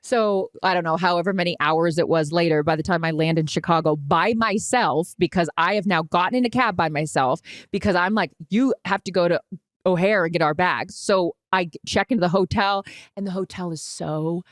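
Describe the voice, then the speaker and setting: A woman in her forties, co-hosting a podcast, telling a dramatic travel mishap in a casual, animated way with some swearing. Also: on the low side, brisk, no room sound, studio quality. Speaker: podcast co-host. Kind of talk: casual storytelling chat.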